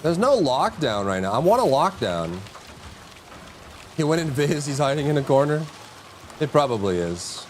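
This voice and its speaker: A man's voice: normal speed, pauses often, a little hiss or hum. A man streaming live, talking his chat through a game and yelping at enemies. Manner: excitable, jumps to high yelps and mock insults at enemies. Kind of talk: live gameplay commentary.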